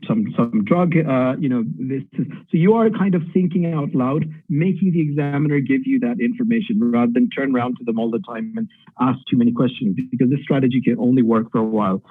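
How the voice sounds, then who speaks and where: A man's voice: medium pitch, a little fast, husky, no room sound, narrow, tinny audio. A middle-aged man from Pakistan, a radiology tutor giving direct exam advice in an online lecture, thinking aloud with fillers.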